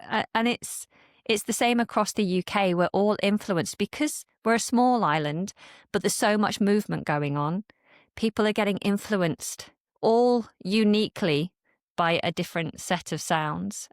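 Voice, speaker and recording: A woman from Britain talks as a guest on a podcast, her voice on the lower side and recorded dry and close. She explains with animated energy and acts out people's reactions. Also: no echo. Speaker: English teacher and guest. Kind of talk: podcast conversation. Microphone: studio podcast mic.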